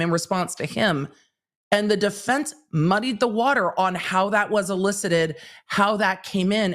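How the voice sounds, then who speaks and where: A woman hosting a casual livestream, recapping a trial in a chatty way, acting out quotes as she retells them. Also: mid-range voice. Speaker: legal commentator and livestream host.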